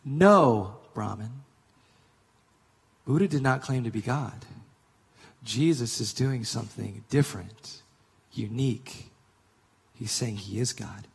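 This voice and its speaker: A male pastor preaching a sermon, reading scripture slowly and building emphasis on his main points. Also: medium pitch, vocal fry, a little mellow, husky, in a large hall. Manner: emphatic preaching, slowing for scripture and rising on key claims.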